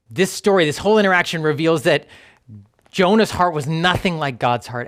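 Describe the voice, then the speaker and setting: A man's voice: a little high, moderate pace, a bit bright. A male pastor preaching a sermon in a conversational, emphatic way, sometimes dropping to a near whisper on key points.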